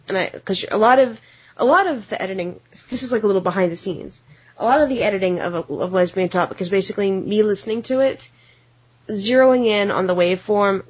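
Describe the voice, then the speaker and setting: A young American woman chats loosely on a podcast, tripping over restarts and fillers. Her voice sits mid-range. The audio is a bit dull and lo-fi. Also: mid-range voice. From United States. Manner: chatty, many fillers and restarts, acts out silly voices. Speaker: podcast co-host and editor. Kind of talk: casual chat.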